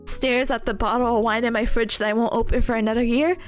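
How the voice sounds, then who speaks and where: A young woman streaming a casual chat, bubbly and giggly, stammering and squealing with excitement. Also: on the high side, quick pace, faint music behind.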